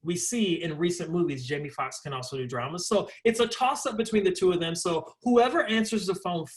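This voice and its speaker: A young man with a higher-than-usual voice talks through his answers in a relaxed interview. He rambles, circles back and fills pauses as he goes, with an animated, conversational flow. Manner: animated, rambling, lots of fillers like "like". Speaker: interview guest, stage performer.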